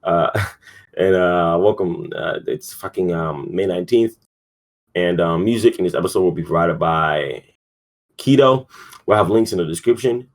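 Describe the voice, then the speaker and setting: Casual male podcast host with a deep voice, rambling, sleepy, swears a lot. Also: measured pace. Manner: rambling, profane, lots of fillers. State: yawning, sleepy. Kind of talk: casual sports talk.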